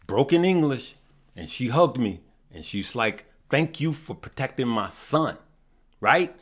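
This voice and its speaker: Middle-aged man, mid-range voice, channel host, impassioned livestream talk, preachy and folksy, repeats himself. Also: medium pitch. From West Side of Chicago. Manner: preachy, repetitive, folksy storytelling. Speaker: stock market channel host.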